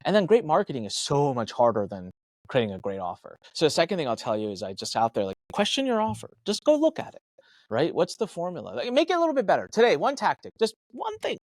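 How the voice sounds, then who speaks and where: A man guest on a podcast, giving energetic, emphatic business advice and acting out his own thoughts in quick asides. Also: fairly high pitch, dry recording. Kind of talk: animated advice talk.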